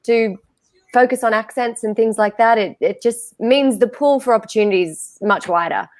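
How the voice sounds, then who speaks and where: A woman's voice: a little high, moderate pace, dry recording, studio quality. A woman with an Australian accent, an actress answering in an earnest, thoughtful way. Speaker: actress in the film. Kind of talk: casual interview.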